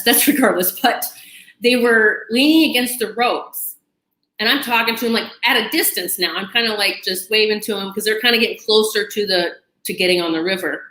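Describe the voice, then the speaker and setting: A channel host tells a personal story to camera, her medium-pitched voice sharp in tone, chatty and dramatic, with asides and laughter. The room is echoey.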